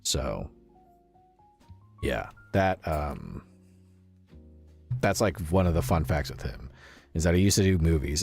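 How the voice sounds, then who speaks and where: A man's voice: very deep voice, sing-song, a little slow, creaky, long pauses, a little mellow, breathy edge, soft background music. A male streamer with a stuffy nose, chatting casually with his viewers in a rambling, filler-heavy way.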